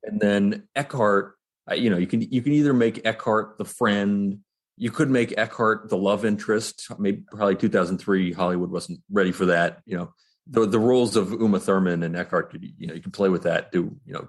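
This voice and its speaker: A man co-hosting a podcast, sharing opinions in a relaxed, casual chat. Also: lowish voice, fairly quick. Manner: relaxed, opinionated, thinking aloud. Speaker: podcast co-host.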